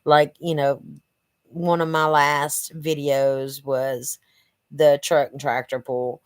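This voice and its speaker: A channel host's casual direct-to-camera vlog from her living room: she's earnest, rambles, and fills gaps with "you know," her allergies leaving her a bit stuffy. Her low voice has little pitch movement and a clear, resonant tone, delivered slowly with no echo.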